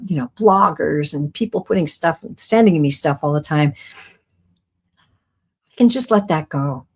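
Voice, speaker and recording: Earnest middle-aged woman, lower-pitched. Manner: warm, earnest, rambling, with soft laughs and lively pitch swings. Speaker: psychic medium hosting a live class. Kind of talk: live-streamed casual teaching, reading viewer comments.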